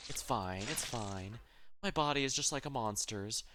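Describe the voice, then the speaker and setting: A man voicing a resigned young woman facing death, in a hushed, subdued way while reading game dialogue. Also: medium pitch, unhurried, very noisy, lightly acted.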